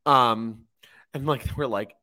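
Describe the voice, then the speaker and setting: A man's voice: slow, bright, forceful tone. A young man co-hosting a podcast, chatting casually about wrestling and laughing often. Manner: giggly, laughs often, quotes people in a high voice. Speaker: podcast co-host. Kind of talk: casual chat recapping wrestling.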